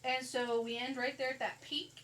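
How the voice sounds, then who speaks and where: A woman's voice: high voice, flat delivery, moderate pace, a bit bright, distant mic, poor audio. A woman teaching a math lesson, walking step by step through calculator keystrokes and a graph in a conversational way. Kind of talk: recorded classroom lecture. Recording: faint noise, voice a bit off-mic.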